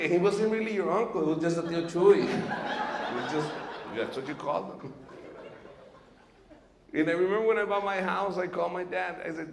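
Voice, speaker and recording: A man from Mexico performing stand-up on a stage, speaking into a handheld microphone. His voice sits a bit high with a gravelly edge, and he tells animated stories full of acted-out characters. The room rings around him with faint ambience behind. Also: normal speed, background noise. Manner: animated storytelling, acts out characters, laughs between bits. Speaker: comedian. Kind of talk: stand-up comedy. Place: stage at a live venue. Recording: roomy live venue sound.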